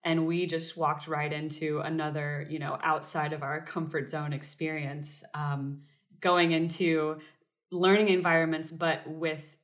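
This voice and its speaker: Guest: young American woman with a very low voice, chatty, filler-heavy. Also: flat delivery, unhurried. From United States. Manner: chatty, many fillers and restarts. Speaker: interview guest. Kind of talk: casual conversational interview.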